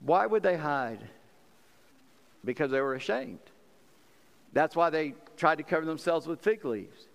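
A man's voice: on the high side, animated, unhurried, gravelly, pauses often. A man from South Carolina, preaching a sermon in a folksy, conversational way as pastor. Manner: folksy, conversational preaching with laughs and acted quotes. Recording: long hall reverb.

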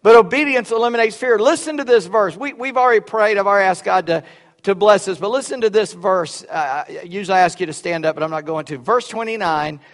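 High-voiced preacher in a reverberant hall. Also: male voice, brisk, fairly bright tone. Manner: folksy, repeats words, drawls. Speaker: pastor. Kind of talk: sermon with personal story.

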